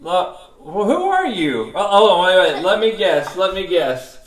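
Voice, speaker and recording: A man teaching a playful children's Bible class, excited and goofy, laughing often. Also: sits high, measured pace, roomy sound. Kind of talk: playful kids' Bible lesson. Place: church classroom.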